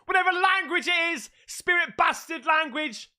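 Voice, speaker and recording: A man hosting a reaction video, exclaiming and swearing loudly as he reacts to scary clips. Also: very high-pitched, moderate pace. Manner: excitable, swearing, loud exclamations.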